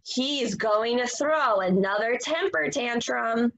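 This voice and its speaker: A woman teacher reading a story aloud to young children, animated and expressive. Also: fairly high pitch, slow, creaky, low-quality recording. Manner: animated, expressive, gasping for effect.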